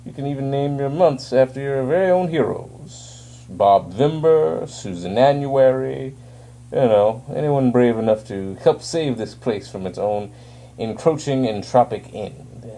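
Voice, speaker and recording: A man reading comic dialogue aloud, voicing a flamboyant, taunting male villain with showy, drawn-out words. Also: medium pitch, expressive, mellow, voice pushed up. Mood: gleeful taunting.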